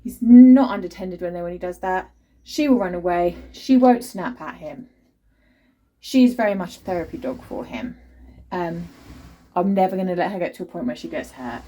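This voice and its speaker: A woman's voice: fairly low pitch, moderate pace, mellow, muffled recording. A young woman vlogging into her phone at home, frank and tired, chatting about her family. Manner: frank, weary, chatty with sudden sing-song baby talk to her children and dog. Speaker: parent vlogger. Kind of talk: casual vlog chat. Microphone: phone camera.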